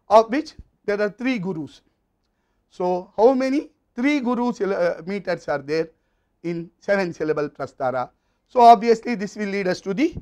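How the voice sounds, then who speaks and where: A man with a high voice and an Indian English accent delivers a recorded lecture. He explains step by step at a measured pace, his phrases trailing off softly at the ends.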